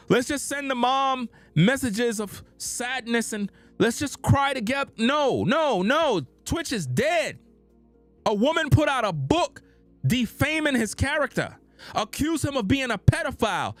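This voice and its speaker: Animated, high-pitched man ranting commentary. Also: dry recording. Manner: insistent, repetitive, preacher-like emphasis. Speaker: commentary channel host. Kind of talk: heated commentary monologue.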